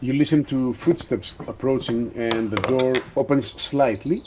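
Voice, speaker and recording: A man narrating a tabletop role-playing game as game master, in a slow, deliberate storytelling manner. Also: medium pitch, background noise.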